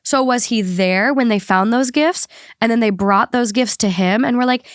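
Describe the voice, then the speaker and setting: A woman's voice: fairly high pitch, normal speed, dry recording, studio quality. Indignant woman podcast host, stuffy nose. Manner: heated, indignant, emphatic. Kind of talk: casual podcast chat.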